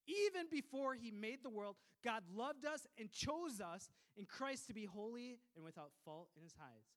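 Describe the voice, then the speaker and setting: A pastor from Minnesota preaching a sermon, lively and joking, with quick asides to the congregation. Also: male voice, sits high, smooth. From Minnesota, USA.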